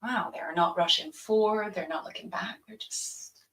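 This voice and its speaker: A woman's voice: mid-range voice, normal speed, a bit bright, recorded from a distance, natural voice, low-quality recording. A woman playing a teasing young woman.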